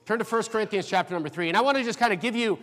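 A middle-aged man preaches in a fairly high voice, speaking casually and stumbling through fillers as he shares personal memories. His words ring out with the long reverb of a large church hall. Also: fairly bright tone. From North Dakota. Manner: conversational, halting with fillers and restarts. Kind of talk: sermon.

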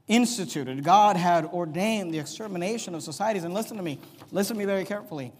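A man with a strikingly high voice delivers a fiery, emphatic sermon as a pastor, stretching out his key words. His voice rings with the long reverb of a large hall. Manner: fiery, emphatic preaching with drawn-out stresses.

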